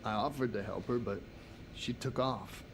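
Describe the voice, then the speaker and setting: A man's voice: lowish voice, normal speed, lightly acted. Wry male photojournalist, voiced by a man, matter-of-fact, against a noisy backdrop. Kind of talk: video game cutscene acting.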